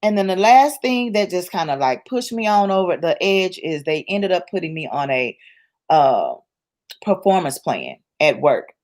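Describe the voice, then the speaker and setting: A woman with a slightly low voice tells her own story to an interviewer. She speaks in a colloquial, church-rooted way, hammering points home through repetition. It sounds like candid personal testimony rather than a speech. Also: very animated, moderate pace, a little mellow. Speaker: interview guest.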